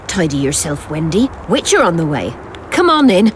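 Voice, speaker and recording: An actress playing a shrewd, businesslike brothel madam in a video game. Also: female voice, lowish voice, sing-song, slight background noise. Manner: businesslike and brisk. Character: shrewd brothel madam, middle-aged woman.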